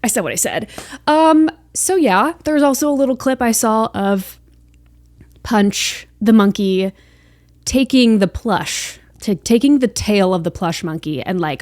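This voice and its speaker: A woman's voice: on the high side, expressive, a little slow, no echo, studio quality. A young woman hosting a podcast, chatting casually and emotionally, gushing with lots of fillers. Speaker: podcast host. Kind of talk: casual chat.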